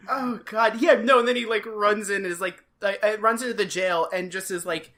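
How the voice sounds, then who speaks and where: A woman co-hosting a podcast, recapping an old TV episode in casual chat, sarcastic and given to loud mock impressions. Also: mid-range voice, fairly quick. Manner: sarcastic, animated, mimics characters with big voices. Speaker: podcast co-host.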